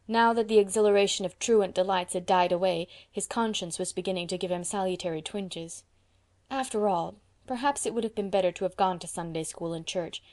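A woman narrating a classic novel in a measured, expressive storybook reading. Her voice sits at an everyday middle pitch. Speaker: audiobook narrator.

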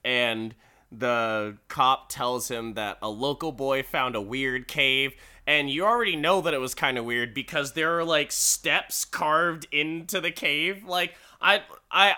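A man's voice: medium pitch, bright, forceful tone, clear, resonant tone. A man casually recapping a story, swearing freely and laughing at it. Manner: laughs often, swears, slow and wry.

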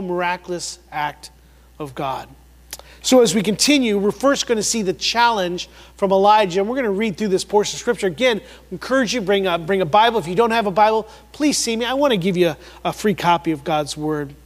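A man preaching a sermon as a pastor, emphatic, repeating words for emphasis and swinging between loud and hushed delivery. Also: high voice, in a large hall.

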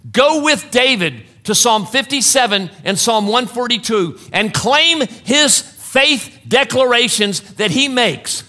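A man's voice: high voice, bright, forceful tone. A middle-aged man preaching a sermon to a congregation, earnest and direct, often calling his listeners "folks". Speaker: pastor.

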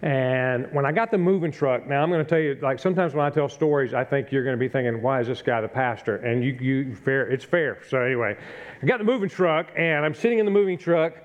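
A man's voice: medium pitch, fast, lo-fi sound. A middle-aged male pastor preaching a conversational sermon, telling a self-deprecating story and acting out his own frustration.

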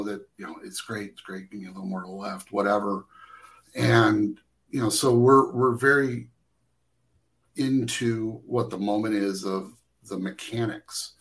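Rambling man with a low voice. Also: vocal fry, fairly bright tone, low-quality recording. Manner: rambling, halting with many restarts and fillers. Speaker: camera operator guest. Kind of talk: casual storytelling interview.

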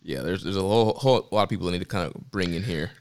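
A man's voice: sits low, rapid-fire. A man co-hosting a casual wrestling podcast. He recaps events in an easygoing way, with lots of "like" and "you know". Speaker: podcast co-host.

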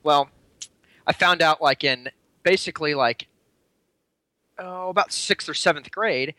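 Male podcast co-host, bright and tense voice, teasing banter, dry close mic. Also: on the high side, measured pace, long pauses, dry recording. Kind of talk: casual chat.

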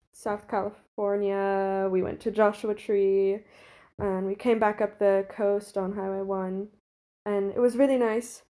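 A woman's voice: mid-range voice, dark tone. A woman in her twenties, a podcast guest telling a personal story in a chatty way, peppering it with "like" and bursts of laughter. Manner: chatty, frequent "like" fillers and laughter. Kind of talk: casual storytelling.

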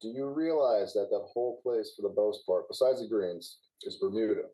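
A man with a very low, husky, mellow voice talks through golf course turf care. He explains in a relaxed, knowing way, chatting casually on a podcast. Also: normal speed, poor audio. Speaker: guest, former golf course superintendent.

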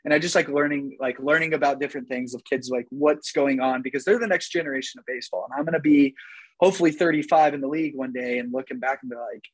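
A man's voice: medium pitch, fast, breathy edge, dry recording, poor audio. A young man chatting casually as a podcast guest, rambling with lots of "like" fillers. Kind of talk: casual chat.

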